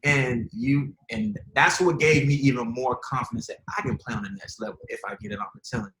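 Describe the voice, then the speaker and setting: A man speaks on a video call in a bright, forceful voice, informal and emphatic, repeating himself as he drives each point home. The room gives his voice a roomy echo, and faint noise sits underneath. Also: mid-range voice, fairly quick. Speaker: former pro football player and college coach speaking to high school athletes. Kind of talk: casual motivational storytelling.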